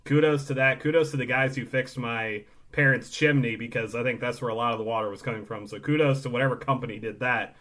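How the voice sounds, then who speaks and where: A man's voice: medium pitch, steady tone, fast talker, few pauses, a bit bright. Wry male podcast co-host. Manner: wry, sarcastic asides. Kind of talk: casual sports podcast chat.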